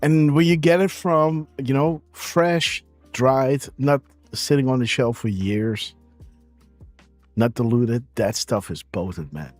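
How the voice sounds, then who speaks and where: A man's voice: medium pitch, slow, dry recording, faint music behind. A man hosting a live stream, chatting casually in a rambling way, with many fillers and frequent laughs. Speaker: show host.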